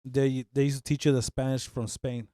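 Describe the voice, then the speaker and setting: A man's voice: mid-range voice, flat delivery, moderate pace, dark tone, no echo, studio quality. A young man, co-hosting a podcast in jokey chat, laughing often and dropping in Spanish words. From United States. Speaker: podcast co-host. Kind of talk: casual chat.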